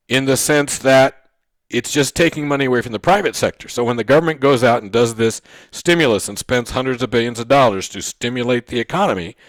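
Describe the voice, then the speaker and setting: A man giving a recorded economics lecture in a mid-pitched voice. He keeps checking in with his listeners with "okay?" and "right?", and he goes back over key points slowly. The recording is dry and close, with no room sound. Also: no echo. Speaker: economics teacher.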